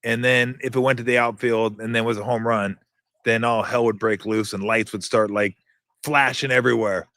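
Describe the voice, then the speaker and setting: A man's voice: mid-range voice, moderate pace, no room sound. A man in his fifties hosting a casual sports radio show, telling stories and imitating toy game beeps and buzzes. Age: 50s. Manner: animated storytelling, mimics game sound effects.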